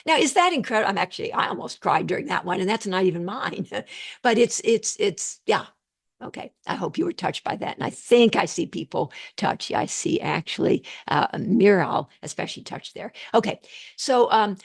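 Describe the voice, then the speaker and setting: An older woman psychotherapist giving an animated, digressive lecture over a video call. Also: medium pitch, normal speed, creaky, husky. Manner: animated, digressive, laughs at own jokes. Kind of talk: online lecture.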